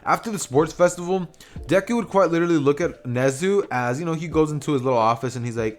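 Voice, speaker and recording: A man's voice: fairly high pitch, quick pace, faint music behind. A young man casually narrating an anime what-if story, rambling with lots of fillers and restarts. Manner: rambling, filler-heavy retelling.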